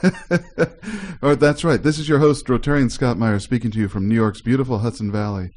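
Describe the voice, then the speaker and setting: A man's voice: medium pitch, fast talker, a little mellow. Friendly male radio host, casual chat with frequent laughs. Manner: chatty, laughs easily, restarts often.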